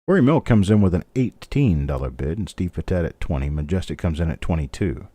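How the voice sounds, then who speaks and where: A man's voice: low-pitched, animated, a little fast, dark tone, dry recording. A middle-aged man hosting a live online coin auction, calling bids steadily and chatting between lots. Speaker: auctioneer host.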